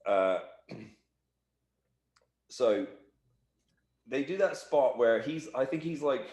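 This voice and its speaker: A man giving a shoot interview, telling a backstage anecdote with lively, acted-out quotes. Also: medium pitch, slow. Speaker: interview guest, wrestler. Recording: echoey room.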